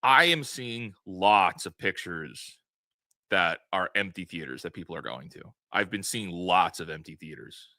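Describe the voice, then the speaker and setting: A man from New York with a New York accent, co-hosting a podcast in an animated, excitable casual chat. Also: low-pitched, measured pace, vocal fry, dry recording. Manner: animated, excitable, laughs often. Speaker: podcast co-host.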